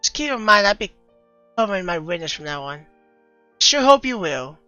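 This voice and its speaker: Woman reading game dialogue, bright tone, lively and exasperated delivery, dry lo-fi recording. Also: mid-range voice, no echo, faint music behind. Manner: lively, expressive, quick to exasperation. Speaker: player reading a visual novel aloud. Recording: dull lo-fi recording.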